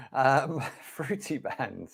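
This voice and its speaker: A man chatting casually as a podcast guest, playful and quick to laugh, making puns over a remote call. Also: mid-range voice, gravelly, husky. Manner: playful, punning, laughs often. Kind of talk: casual chat.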